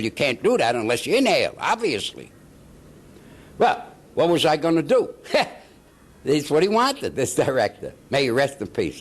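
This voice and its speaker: An older man, an actor telling stories in a casual interview and acting out the quotes with laughs. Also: lowish voice. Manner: animated anecdotes with laughs and acted-out quotes.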